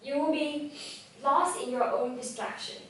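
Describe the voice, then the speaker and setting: A young woman whose first language is Vietnamese gives a motivational public-speaking talk in an event hall, her slightly high voice lively, direct, and a little slow. Recorded from a distance, she's surrounded by strong echo and a faint hum before a live audience.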